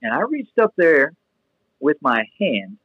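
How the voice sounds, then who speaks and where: Animated rambling man telling a story. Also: fairly high pitch, slow pace, no echo, phone-quality sound. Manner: animated, rambling with restarts and fillers. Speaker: guest sharing testimony. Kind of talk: casual storytelling.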